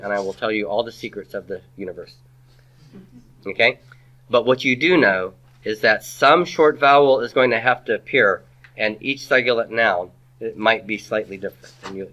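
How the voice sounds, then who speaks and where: A man lectures a classroom, his voice bright and forceful over a somewhat dull, muffled recording. He keeps quizzing his students with rhetorical questions and slips in playful asides. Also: medium pitch. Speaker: Hebrew grammar teacher.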